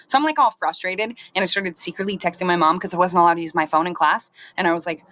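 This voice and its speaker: A middle-aged woman telling funny personal stories in a casual, animated way, often laughing. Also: lowish voice, fast. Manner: lively, laughing between lines. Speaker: storyteller. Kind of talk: casual anecdote.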